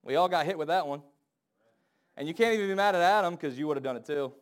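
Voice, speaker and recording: Animated preaching man, fairly high voice. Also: fast, smooth. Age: adult, married. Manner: animated, acts out quoted voices with big swings in pitch and volume. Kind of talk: sermon.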